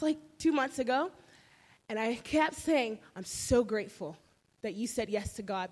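A young woman giving an emotional personal faith testimony, telling her story animatedly with many fillers. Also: on the high side. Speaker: testimony speaker.

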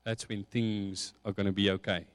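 A man's voice: on the low side, little pitch movement, smooth. Man preaching in a reverberant hall. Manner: slow, reflective preaching with rising emphasis. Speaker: pastor. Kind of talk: sermon.

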